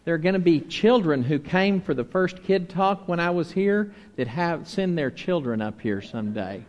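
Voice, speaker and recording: A man's voice: on the high side, expressive, normal speed, darkish tone, dull audio. A man, a pastor giving a playful children's sermon in a church, coaxing the kids to repeat words after him. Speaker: pastor leading a children's talk. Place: church sanctuary. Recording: long reverb of a large church hall.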